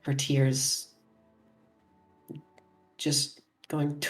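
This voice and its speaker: Soft-spoken woman tabletop player. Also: low-pitched, monotone, drawn-out words, soft background music. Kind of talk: narrating her character's actions.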